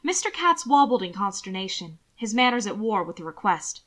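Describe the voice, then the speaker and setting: A woman narrates a fan fiction audiobook with expressive storytelling. Her voice is bright and forward, at an everyday pitch for a woman. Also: normal speed.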